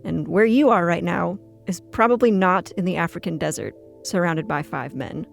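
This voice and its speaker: A podcast host giving calm, reflective scripted narration and speaking directly to listeners. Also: medium pitch, normal speed, gravelly, soft background music.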